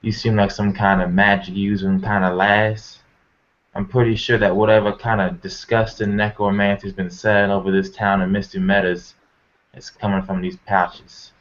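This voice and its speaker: A man's voice: on the low side, level tone, normal speed, close to an everyday voice. A man playing a blunt, cocky male farmhand brawler who talks in folksy threats, in a tabletop game. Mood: grim. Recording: muffled lo-fi recording.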